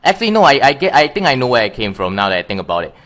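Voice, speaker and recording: A man's voice: mid-range voice, sing-song, rapid-fire, fairly bright tone. Rambling, self-correcting male guest. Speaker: interview guest. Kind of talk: casual interview chat.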